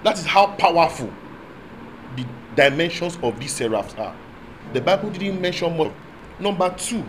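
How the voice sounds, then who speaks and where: A man preaching a sermon, moving between quiet asides and loud proclamation and asking the congregation call-and-response questions. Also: fairly high pitch, very animated, moderate pace, long pauses, noisy background. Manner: speaks in tongues at times.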